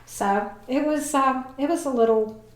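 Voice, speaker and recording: A woman in her forties telling a personal story as a podcast guest, lively and acting out the people she quotes. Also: sits high, unhurried. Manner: animated, acts out voices in her story. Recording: echoey room.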